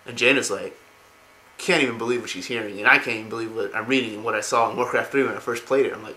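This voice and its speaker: A man's voice: medium pitch, steady tone, quick pace, pushed and bright, low-quality recording. A man casually retelling video game lore, rambling with many fillers.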